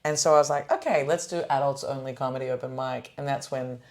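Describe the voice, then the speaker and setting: A young woman hosting a podcast, chatting casually about comedy shows with lots of fillers and restarts, in a smooth phone-style voice. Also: very deep voice, steady tone, fast. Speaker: podcast host and comedy showcase producer. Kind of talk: casual chat.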